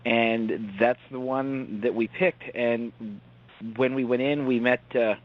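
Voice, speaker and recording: A man guest recounts his visits earnestly, with a warm enthusiasm for history. His voice sits at an ordinary pitch. The audio is dull and lo-fi. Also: steady tone, slow pace. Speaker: guest ghost investigator. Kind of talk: recounting in conversation.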